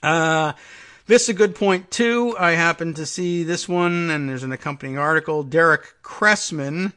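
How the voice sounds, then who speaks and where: Man, political talk host, sardonic, rambling asides, slightly high voice. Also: moderate pace, pushed and bright. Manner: sardonic, rambling, thinks aloud with many fillers. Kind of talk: casual political commentary, reading articles aloud.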